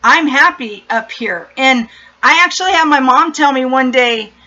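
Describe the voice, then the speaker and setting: Woman, middle-aged, high-pitched, sharp tone, blunt profane storytelling, casual vlog chat, muffled recording. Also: normal speed. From San Diego, USA. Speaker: vlogger. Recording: dull lo-fi recording.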